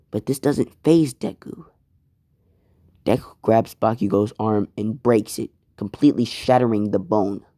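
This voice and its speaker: A man's voice: fairly low pitch, mellow, no room sound, studio quality. A man casually telling a fan story in a laid-back, rambling way, with some swearing.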